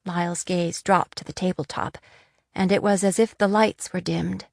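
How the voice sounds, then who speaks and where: Low-voiced woman reading a novel. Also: little pitch movement, moderate pace, gravelly, dry recording, clean studio sound. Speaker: audiobook narrator. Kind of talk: scripted narration.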